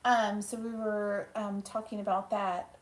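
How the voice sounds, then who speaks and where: A woman co-hosting a live stream, reading viewer comments aloud in a soft-spoken, casual way. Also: mid-range voice, little pitch movement, unhurried. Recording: echoey room.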